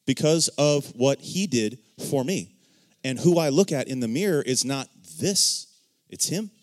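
A man speaking in a casual faith discussion, telling his own story with lively swings of tone and voicing the people he quotes. He keeps turning to his listeners with "right?". His voice sits at a middle pitch for a man. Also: measured pace. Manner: animated storyteller acting out quoted dialogue; says "right?" often to check in with listeners. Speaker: church member sharing testimony.

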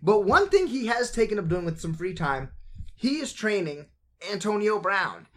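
A man co-hosting a casual podcast, his voice sitting a touch high for a man. He talks loosely and jokes around, swearing freely as he goes. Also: sing-song, moderate pace, over a noisy crowd. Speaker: podcast co-host. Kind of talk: casual chat.

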